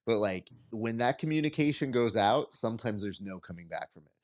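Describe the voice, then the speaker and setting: A man hosting a casual interview podcast, telling stories in an animated, joking way. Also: fairly low pitch, brisk. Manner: animated joking storyteller, acts out quotes. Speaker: podcast host.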